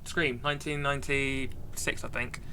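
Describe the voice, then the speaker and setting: A woman's voice: extremely low pitch, level tone, moderate pace, noisy background. A woman streaming a horror game, chatty and sarcastic in casual commentary. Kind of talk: casual let's-play commentary. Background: game music.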